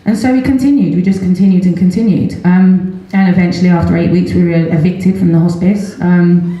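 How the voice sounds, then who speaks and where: A woman's voice: fairly low pitch, fairly even intonation, fairly quick, dark tone, muffled recording. A middle-aged woman giving a personal talk at a seminar, earnest and candid, with frequent ums. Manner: earnest and candid, with nervous laughs and many ums. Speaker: seminar speaker, mother of patient. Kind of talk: personal story told in a public talk. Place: large event hall at a festival seminar. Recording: echoey hall.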